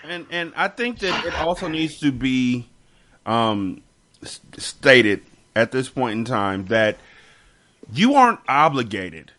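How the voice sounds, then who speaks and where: A man's voice: medium pitch, takes it slowly, sharp tone. A man hosting a casual podcast chat, talking emphatically and repeating words as he gets heated. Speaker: podcast host.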